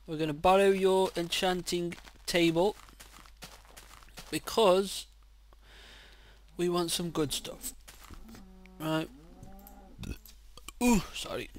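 A man casually commenting on his own gameplay, excitable and quick to swear loudly when frustrated, speaking into a desk mic. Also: high-pitched. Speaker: gaming channel host. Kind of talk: casual let's-play commentary.

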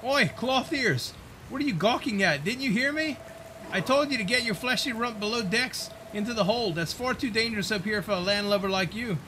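A man's voice: high voice, expressive, fairly quick, sharp tone, a little hiss or hum, pitched above the performer's own voice. A man voicing a cocky male skeleton pirate sailor in a put-on British pirate accent, teasing and swaggering. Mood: scolding. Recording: game music behind.

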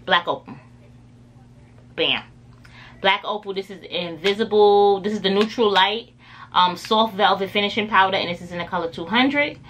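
A woman's voice: medium pitch, normal speed, fairly bright tone, slight background noise. A woman beauty vlogger chatting casually through a makeup tutorial, rambling with lots of filler words.

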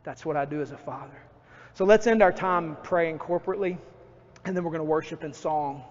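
A man preaching a sermon as pastor, lively and acting out his own outbursts. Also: fairly high pitch, brisk. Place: church sanctuary. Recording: dull church recording with long reverb.

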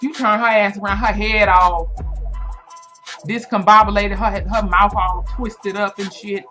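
A young woman in her twenties chatting through a reaction video, swearing freely and swinging her pitch from low mutters up to high exclamations. Her voice sits at an ordinary middle pitch, with faint music playing softly behind her. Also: measured pace. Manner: animated, profane storytelling with big pitch swings. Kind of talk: casual reaction commentary.

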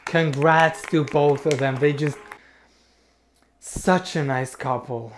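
A man's voice: fairly high pitch, fairly even intonation, slow, a little hiss or hum. A young man reacting to a TV clip in casual, sarcastic commentary, talking straight to his viewers.

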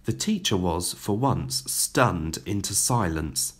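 A man reading a children's story aloud with expressive, dramatic narration. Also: low voice, slow pace, slightly rough.

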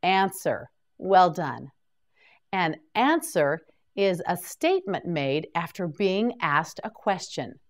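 A woman leads a slow, deliberate vocabulary lesson. Her voice sits a little low but moves a lot, and she sounds each word out clearly and then prompts the listener to repeat it. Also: big pitch swings. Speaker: English vocabulary teacher.

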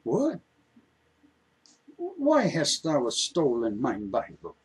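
A man's voice: medium pitch, wildly swooping pitch, drawn-out words, breathy edge, exaggerated voice, poor audio. A man voicing an old-fashioned farmer who talks in thee and thou, in a storytelling telling. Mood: stern. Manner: archaic, formal speech.

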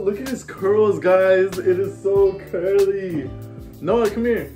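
A man's voice: high-pitched, slow pace, warm tone, roomy sound, soft background music. A man in his twenties from Chicago, vlogging in a chatty, emotional way straight to his viewers at home. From Chicago, USA. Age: 20s. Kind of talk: casual vlog talk to camera. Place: his home, indoor rooms.

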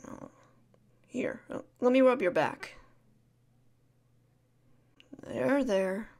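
Woman doing whispered role-play, soft soothing voice a bit high, takes her time, lots of shh and repeated comfort words. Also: takes it slowly, creaky. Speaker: ASMR creator playing a caring friend.

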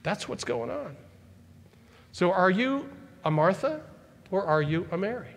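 A male pastor preaching a sermon to his church, animated, acting out the words of the people in his story. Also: high voice, a little slow. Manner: animated preaching, acts out Bible figures' words. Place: church sanctuary. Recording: church hall reverb.

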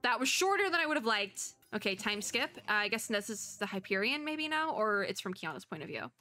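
A young woman streaming a game, reading the story text aloud and excitedly talking back at the characters on screen. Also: medium pitch, fairly quick, soft background music. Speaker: VTuber.

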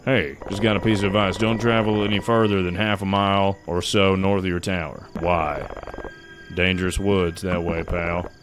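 A man putting on a gruff drawling ranger. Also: sits low, little pitch movement, moderate pace, noisy background, close to an everyday voice. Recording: loud game music behind.

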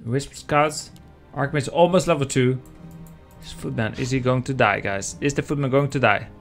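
A man casting a strategy game match live, chatty and excitable, talking to viewers as guys. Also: mid-range voice, moderate pace, vocal fry, soft background music. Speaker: esports caster.

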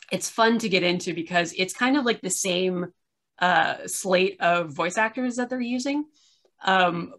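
A woman's voice: fairly low pitch, fairly bright tone. Rambling, tired woman host. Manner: rambling, many fillers. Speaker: podcast host. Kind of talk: casual discussion. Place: her room at home.

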